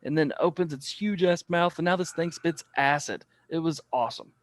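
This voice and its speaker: A man's voice: on the high side, normal speed. A man co-hosting a casual podcast, eagerly retelling favorite scenes and acting out the quotes. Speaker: podcast co-host.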